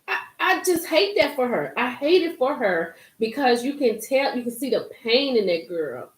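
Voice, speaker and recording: A woman hosting a casual live-stream commentary, emphatic and animated, reading and reacting to viewer comments. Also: on the high side, normal speed. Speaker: YouTube commentary host. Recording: roomy echo.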